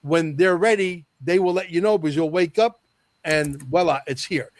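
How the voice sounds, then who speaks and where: A man's voice: fairly high pitch, moderate pace, no room sound. A man talking as a podcast guest in a casual conversation, speaking with emphasis and repeating his key phrases to drive them home.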